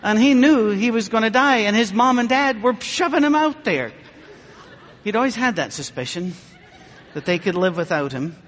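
A man's voice: high-pitched, lively intonation, moderate pace, fairly bright tone, in a large hall, a faint crowd, slight background noise. A man preaching a humorous sermon, telling stories in a dry way and acting out the people in them. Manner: dry storytelling with mock dialogue.

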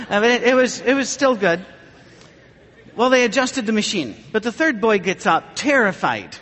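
A man's voice: high voice, sing-song, normal speed, fairly bright tone, in a large hall. A man preaching a sermon, telling funny anecdotes with dry, self-mocking humor.

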